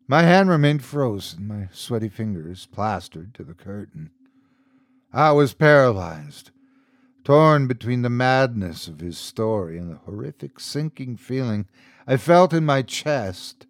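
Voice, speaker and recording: A male host reading a scripted horror story in a measured, dramatic way. His pitch rises and falls expressively, and he takes his time. The sound is close and dry. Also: big pitch swings, dry recording. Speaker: host and narrator.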